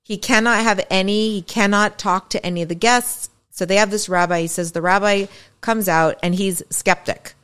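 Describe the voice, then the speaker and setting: A smooth-voiced woman co-hosting a podcast tells a story in casual chat, animated and acting out the quotes. Her voice is mid-range and her pace moderate.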